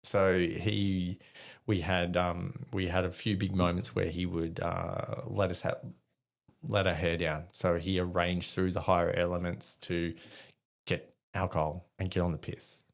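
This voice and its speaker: A man's voice: low voice, little pitch movement, unhurried, gravelly. An Australian man, a podcast guest, telling rambling, swear-filled stories in casual chat. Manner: swears freely, rambling anecdotes with quoted dialogue. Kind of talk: casual storytelling.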